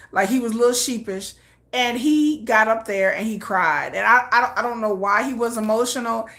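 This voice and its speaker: A middle-aged woman hosting a casual K-pop news chat, chatty and excitable, often slipping into quick acted quotes. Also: fairly high pitch.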